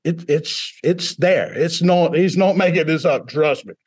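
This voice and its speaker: A man's voice: a little high, a little slow, darkish tone, breathy edge. A middle-aged man from Mississippi with a British-sounding accent, telling his story as an interview guest and acting out quoted voices. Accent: British-sounding accent from foreign accent syndrome. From Mississippi, US South.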